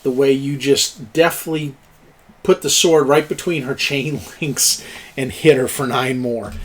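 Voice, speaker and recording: A man's voice: mid-range voice, steady tone, a little slow. A man narrating a tabletop game as game master, chuckling and cheering on the players' rolls. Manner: chuckling, encouraging, plays up dice rolls.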